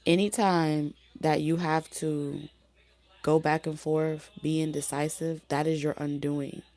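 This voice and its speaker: A woman giving a casual spoken tarot reading, talking loosely with many fillers and restarts, her voice going hoarse. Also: low voice, little pitch movement, unhurried, mellow. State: losing her voice. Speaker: tarot reader.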